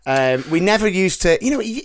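A man hosting a podcast, telling stories in a lively, animated casual chat. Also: high voice, brisk. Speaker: podcast host.

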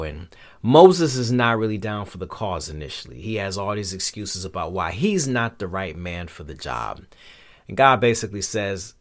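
A fairly low-voiced man hosts a show as a podcast host and Bible teacher, delivering a loose, conversational Bible lesson full of colloquial slang. He's very animated yet a little slow, and he acts out the quotes.

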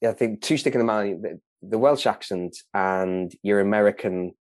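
A man from England chatting casually in a low, dry-sounding voice. He hesitates a lot, restarting sentences and filling gaps with ums. Laughter breaks into his talk. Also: moderate pace, a little mellow, no echo. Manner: hesitant, many restarts and fillers, laughs often. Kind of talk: casual chat.

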